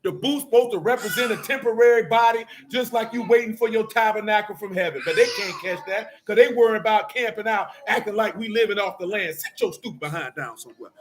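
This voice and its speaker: A middle-aged man preaching a fiery sermon in street slang, scolding and sometimes shouting. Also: high voice, brisk, hardly any pauses, a little hiss or hum.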